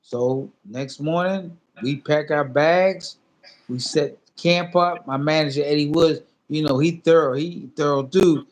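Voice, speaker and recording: A man's voice: fairly high pitch, measured pace. A man in his fifties tells a story in a casual interview, his voice sitting a little above the usual male range. He rambles loosely with plenty of fillers, then jumps into acting out both sides of a phone conversation. He speaks as a former boxer recounting his career. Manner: animated storyteller who acts out both sides of a phone call; loose, repetitive phrasing with many fillers.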